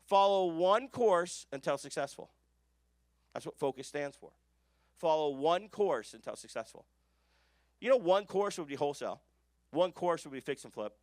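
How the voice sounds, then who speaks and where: A man's voice: fairly high pitch, expressive, moderate pace, pauses often, no echo. A man giving an emphatic business coaching talk to a live audience, often putting questions to the room.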